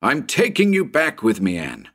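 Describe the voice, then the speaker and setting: A man's voice: mid-range voice, very animated, brisk, darkish tone, breathy edge, voice pushed up. A man doing a fierce, desperate young lover. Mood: urgent. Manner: fierce, urgent.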